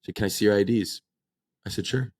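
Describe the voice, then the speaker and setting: A young man in his mid-twenties with a very low, deep voice tells a story on a casual podcast. He acts out the dialogue as he goes, and the story runs long. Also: brisk, breathy edge. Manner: animated anecdote-telling, acts out quoted dialogue. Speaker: podcast co-host.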